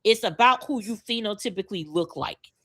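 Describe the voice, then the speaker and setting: A woman's voice: medium pitch, expressive, brisk, a bit bright. A woman with a Miami accent, co-hosting a podcast in a blunt, profane, emphatic rant. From Miami, Florida. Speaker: podcast co-host.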